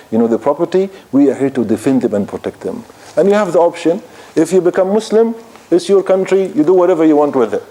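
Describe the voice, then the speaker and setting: A man's voice: mid-range voice, warm tone. A man giving a storytelling lecture at a mosque, retelling history in non-native English with Arabic phrases mixed in. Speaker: Islamic lecturer.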